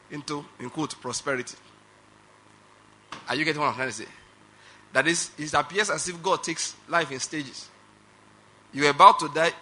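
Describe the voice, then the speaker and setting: Male preacher, emphatic sermon delivery, high and brightly forceful tone. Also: slight background noise. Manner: emphatic preaching with rhetorical questions; laughs between phrases. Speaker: pastor.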